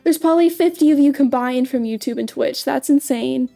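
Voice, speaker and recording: A woman's voice: high voice, a little fast, gravelly, warm tone, faint music behind. A woman streaming as a VTuber in a casual livestream chat, bubbly and giggly, often stumbling and repeating her words.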